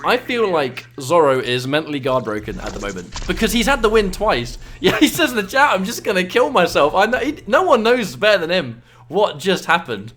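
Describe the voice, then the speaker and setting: A man doing live commentary on a fighting game tournament, excitable and prone to loud shouts. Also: sits high, fairly quick, few pauses. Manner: excitable, breaks into loud shouts at big moments. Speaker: esports commentator.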